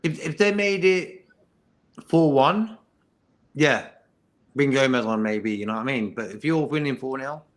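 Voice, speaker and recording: Laid back guy co-hosting, mid pitched voice, making his points with everyday comparisons. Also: unhurried, pauses often. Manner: easygoing, uses homely comparisons. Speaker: regular co-host. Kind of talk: casual fan chat.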